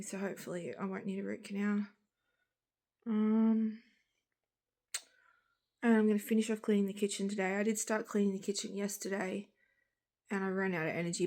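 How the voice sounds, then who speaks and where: A young Australian woman chatting frankly in a vlog, tired and groggy, rambling in long run-on sentences. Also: medium pitch. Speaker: vlogger. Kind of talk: casual chat.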